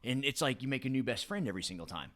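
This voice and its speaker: A man's voice: fairly low pitch, big pitch swings, fast, bright, forceful tone, exaggerated voice. A man putting on a Southern accent to voice his exasperated middle-aged wife. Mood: nagging. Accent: put-on American Southern. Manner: nagging, exasperated.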